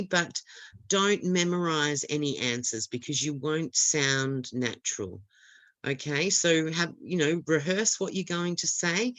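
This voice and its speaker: A woman's voice: low voice, no room sound. A woman teaching an online lesson on speaking exams, talking steadily and encouragingly and stressing key words. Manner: steady, encouraging instructor with lots of stress and intonation. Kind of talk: webinar lesson.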